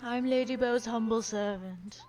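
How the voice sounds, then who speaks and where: A woman's voice: fairly high pitch, a little slow, a little mellow, soft background music, close to an everyday voice. A woman voicing a humble, formal male ghost butler in a game.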